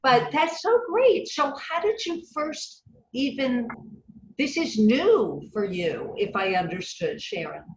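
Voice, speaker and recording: A woman's voice: on the high side, very animated, slow pace, roomy sound, dull audio, noisy background. A woman hosting an online course group, talking in a friendly, encouraging, chatty way. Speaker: course host.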